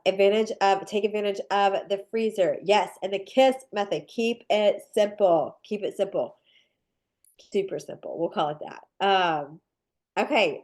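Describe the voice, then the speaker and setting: Nasal-sounding woman hosting a chatty webinar. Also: mid-range voice. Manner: chatty, upbeat and rambling. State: nasal from a sinus infection. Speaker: cookie decorating teacher hosting a live workshop. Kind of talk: casual live webinar talk.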